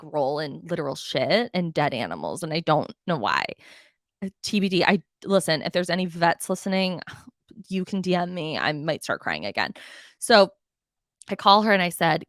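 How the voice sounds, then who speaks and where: Bright, animated woman podcast host. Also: lowish voice, no echo, studio quality. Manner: animated, profane, exasperated storytelling. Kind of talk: casual storytelling monologue.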